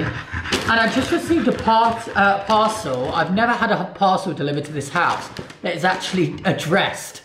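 A man's voice: high voice, roomy sound, background noise. A man chatting casually in a home vlog, cooing at his dog now and then. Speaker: vlogger. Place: at home indoors.

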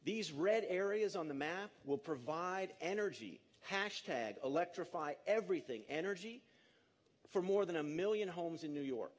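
A man in his fifties gives a live public talk in an energetic, emphatic way and engages the audience directly. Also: on the high side. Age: 50s. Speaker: conference speaker.

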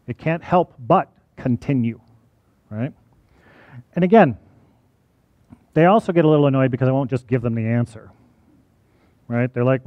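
A man speaks to an audience at a college, conversational and personal, often asking the room "right?". His voice sits in a middle pitch. The recording is dry and somewhat dull. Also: moderate pace, pauses often, no echo. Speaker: college teacher giving a talk.

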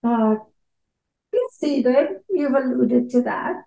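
A woman's voice: sits high, animated, slow pace, vocal fry, dark tone. A middle-aged woman co-hosting a podcast, firmly scolding her co-host in a heated casual debate. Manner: firm, scolding. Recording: echoey room.

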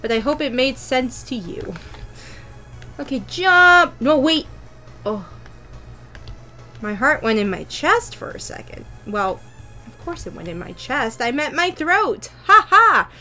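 Bright-voiced playful young woman gamer. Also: on the high side, very animated, unhurried, faint music behind. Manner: playful, talks to herself, sudden squeals and jokey taunts. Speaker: gaming YouTuber. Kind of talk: casual Minecraft commentary.

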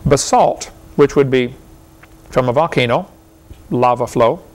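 A man giving a seminar lecture to a live audience in a folksy, argumentative way, firing off rhetorical questions and chuckling often. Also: medium pitch.

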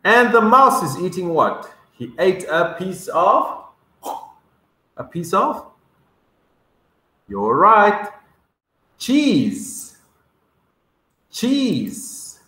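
A man teaching English words to young children, sounding them out slowly and coaxing them to repeat after him. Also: high-pitched, huge pitch swings, bright, forceful tone. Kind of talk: vocabulary lesson for kindergarteners. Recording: echoey room.

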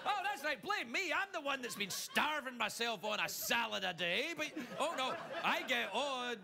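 A man's voice: extremely high pitch, moderate pace, creaky, crowd noise. A man delivering a late-night comedy monologue as talk show host, joking and slipping into put-on voices. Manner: animated joking with frequent laughs and put-on voices. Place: TV studio before a live audience. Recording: loud studio audience laughter and noise.

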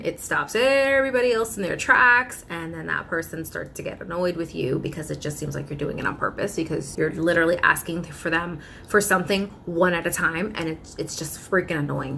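Animated woman venting in a casual vlog. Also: on the low side, slight background noise. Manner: animated, breaks into mimicked customer voices; exasperated, pleading tone. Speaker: vlogger. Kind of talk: casual vlog talk to camera.

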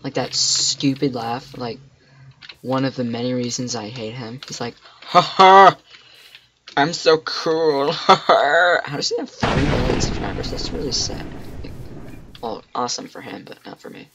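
A man records excitable let's play commentary at his desk, blurting exclamations and muttering to himself as he plays. His voice sits at an ordinary middle pitch. Faint keyboard clicks tick behind him. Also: moderate pace, background noise. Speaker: gamer.

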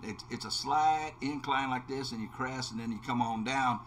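A man in middle pitch spins a long, loose story as he plays, circling back on his words and filling gaps with "you know" and "um." He restarts his sentences often and keeps the tale rolling at an easy conversational clip. Faint room ambience sits behind him. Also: moderate pace, a bit bright, a little hiss or hum. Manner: rambling storyteller with many restarts and fillers. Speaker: let's play host. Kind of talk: casual anecdote told while gaming.

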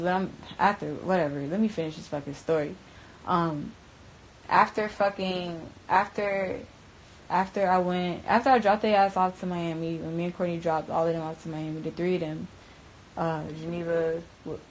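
A woman's voice: lowish voice, flat delivery, moderate pace, slight background noise, low-quality recording. Profane young woman from Broward telling a story. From Broward County, Florida. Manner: profane, slangy, keeps saying "bruh". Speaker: interview guest. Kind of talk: candid storytelling.

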